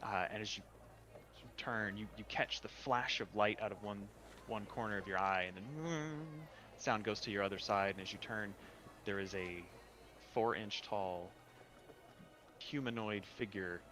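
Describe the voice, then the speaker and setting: A man's voice: on the low side, measured pace, bright, forceful tone. A man narrating a tabletop game as game master, describing scenes with small hesitations.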